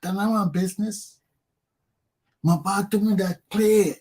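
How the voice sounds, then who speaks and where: A man with a Liberian English accent hosting a talk show, telling profane personal stories with animated, laughing delivery. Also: sits high, unhurried. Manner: animated, profane, laughs often, acts out quotes loudly. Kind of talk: casual storytelling monologue.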